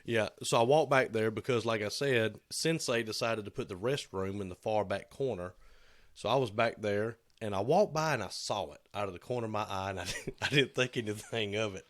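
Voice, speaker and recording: A man's voice: lowish voice, fairly quick. Man telling a shop story. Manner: storytelling, acts out quoted voices. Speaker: co-host. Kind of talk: casual podcast chat.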